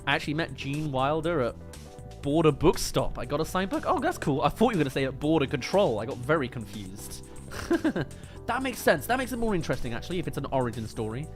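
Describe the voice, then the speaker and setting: A man's voice: a little high, sing-song, quick pace, soft background music. A British man hosting a movie review livestream, chatting casually and joking as he answers viewer comments.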